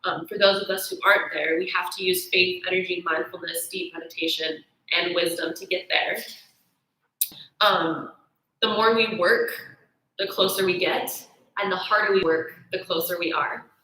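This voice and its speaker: A young woman teaches yoga ideas in a bright, clear voice, talking casually and telling stories with a lot of life. She keeps checking in with her listeners. The room around her echoes strongly. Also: fairly low pitch, moderate pace. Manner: animated storytelling with self-quotes, frequent "right?".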